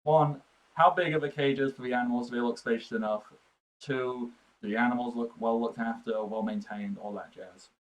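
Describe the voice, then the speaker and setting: A man's voice: medium pitch, fairly even intonation, normal speed, poor audio. Polite, bemused man playing a tabletop game. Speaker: player. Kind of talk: casual tabletop role-play.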